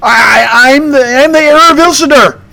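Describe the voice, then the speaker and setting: A man's voice: moderate pace, creaky, sharp tone, full character voice. A man voicing a heroic male ranger captain, giving orders in a strained, raised voice and stammering at times. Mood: insistent. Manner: high strained commanding voice, stammering.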